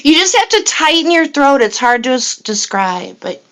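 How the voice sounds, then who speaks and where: A woman's voice: high voice, very animated, moderate pace, a bit bright, low-quality recording. A woman in casual voice-chat banter who laughs often between her sentences. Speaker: chat participant.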